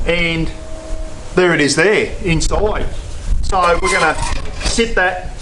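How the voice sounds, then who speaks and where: An Australian man talks in a casual, folksy, colloquial way, showing off his cooking gear in his shed. His voice sits a little on the high side. Faint ambient noise runs under the recording. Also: a bit bright. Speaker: cooking vlogger. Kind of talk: casual outdoor cooking vlog. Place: home shed.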